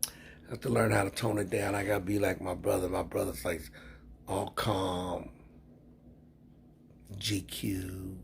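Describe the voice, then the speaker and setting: A man hosting a casual livestream who drifts from topic to topic, gets heated, then trails off quietly. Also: low-pitched, fairly even intonation, fast, slight background noise. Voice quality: gravelly and very husky. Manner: rambling, drifts between topics. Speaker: livestream host.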